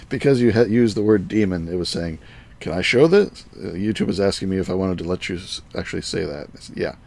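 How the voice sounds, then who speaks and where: Low, gravelly man gaming live. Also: steady tone, a little fast, warm tone. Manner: muttering to himself as he works, chatting to viewers. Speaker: live-streaming gamer. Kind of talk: thinking aloud while playing a game live.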